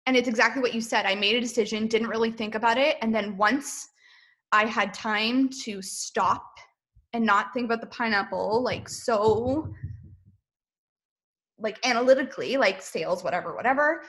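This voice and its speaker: A woman's voice: a little high, normal speed, fairly bright tone. A woman in her thirties, a podcast guest, chatting casually with lots of fillers, laughing at herself often. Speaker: podcast guest, boutique owner. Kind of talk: casual interview chat.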